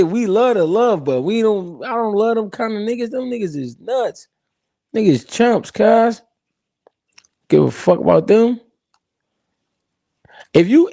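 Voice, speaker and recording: A man hosting a show, telling profane, animated comic stories in casual chat. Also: sits high, creaky, no echo, studio quality. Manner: animated, profane storytelling with impressions. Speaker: host.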